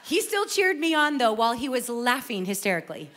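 A woman's voice: a little high, big pitch swings, a little fast, fairly bright tone. A middle-aged woman giving an earnest, emotional personal testimony as a worship singer. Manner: earnest storytelling, emotional, with repeated phrases.

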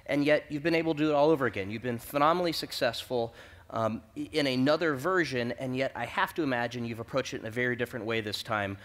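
A man's voice: medium pitch, fast talker, fairly bright tone. A man interviewing a CEO at a conference fireside chat, building long questions and joking along. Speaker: venture capitalist interviewer. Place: conference stage.

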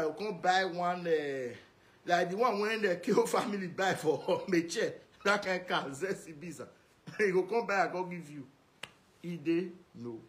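A man with a high-pitched voice and a Nigerian Pidgin accent, ranting straight at someone in a video message. He scolds and insults, hammering the same put-downs again and again. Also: fairly bright tone. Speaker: social media commentator.

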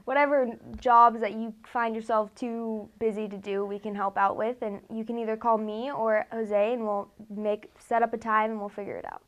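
A woman's voice: on the high side, level tone, moderate pace, hardly any pauses, muffled recording. A woman guest on a local TV show, speaking plainly and matter-of-factly about the jobs she can help with. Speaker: guest offering errands and pet-sitting. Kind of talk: casual interview.

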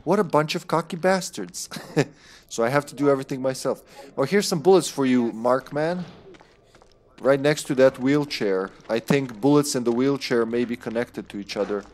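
A man's voice: mid-range voice, moderate pace, a little mellow, slight background noise. A man streaming a game live, commenting with jokes, frequent swearing and laughter. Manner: joking, swearing, laughing often.

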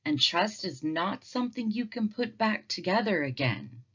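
A woman voicing a calm, caring mother bear in a storybook read-aloud, soft and patient. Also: medium pitch, moderate pace, husky, dull audio. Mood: sad.

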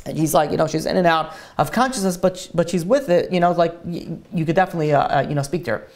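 A man's voice: sits high, fast, few pauses. A man, a rabbi, tells a long story in a sermon, acting out the voices with lots of fillers. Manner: animated storyteller, acts out dialogue, many fillers.

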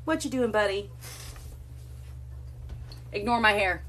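A woman's voice: medium pitch, slow pace, a bit bright, a little hiss or hum. A woman hosting a casual live stream from a room at home, chatting to viewers and cooing baby talk to her cats.

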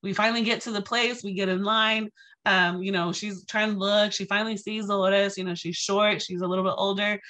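A woman in her thirties speaks to an audience as a guest lecturer, telling a personal story in an animated, conversational way. Her voice is bright and forceful, and she keeps checking in with her listeners with a quick "right?". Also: mid-range voice.

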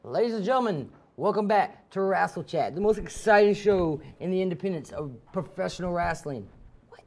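A man hosting a comedic wrestling talk show, loud, excitable and full of jokes. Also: sits high, a little fast, a little hiss or hum. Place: outdoors in woods.

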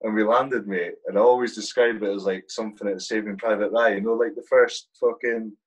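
A man's voice: on the low side, fairly even intonation, fairly quick, husky, poor audio. A man in his thirties, a soldier guest on a podcast, telling blunt, swear-laden war stories in casual talk. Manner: blunt, swears freely, vivid war anecdotes. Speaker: guest, army platoon sergeant. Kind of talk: casual storytelling.

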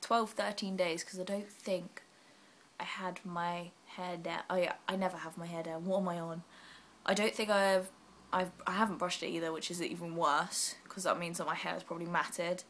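A young woman vlogging casually while she is unwell, rambling and self-deprecating with quick asides. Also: lowish voice, fairly even intonation, a bit bright, slight background noise. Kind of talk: casual vlog chat.

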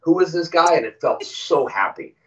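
A man as an interview guest, telling stories casually and acting out quoted lines with animated voices. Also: a little high, moderate pace. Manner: animated, acts out quoted dialogue. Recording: distant, muffled audio.

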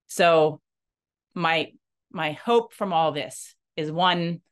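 A woman telling her own story in an emotional personal monologue. She is earnest and halting, restarts her sentences often, and rises and falls in pitch as she speaks. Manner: animated, rising and falling in pitch. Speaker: nonprofit leader sharing a personal story.

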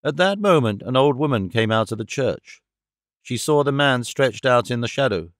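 A man reading a classic novel aloud as an audiobook narrator, in a measured, formal storytelling manner. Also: medium pitch, lively intonation, dry recording, studio quality. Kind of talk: scripted narration.

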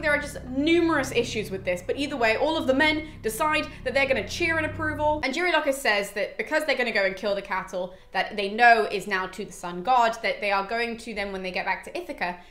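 A woman's voice: on the high side, a bit bright. A woman hosting a classics lesson, casually retelling a myth in a chatty, exasperated way. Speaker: classics educator, host. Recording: roomy echo.

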